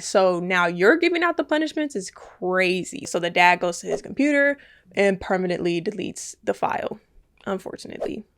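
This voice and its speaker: A woman in her twenties casually recapping a film, chatty and indignant, leaning on "like" and laughing often. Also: medium pitch. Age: 20s. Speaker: movie recap vlogger.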